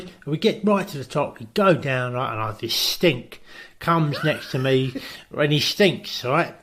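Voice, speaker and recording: A man's voice: medium pitch, lively intonation, unhurried, a bit bright. A man co-hosting a podcast, telling a rambling comic story and checking in with "right?". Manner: rambling, keeps saying "right?". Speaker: podcast co-host.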